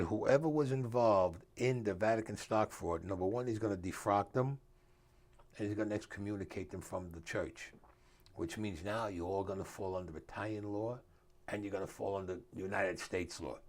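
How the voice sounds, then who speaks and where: Here an older man, the guest and an author, recounts stories in an easygoing interview with a streetwise flair. He performs the dialogue and drops grammar freely, speaking at a normal speed in a lowish voice.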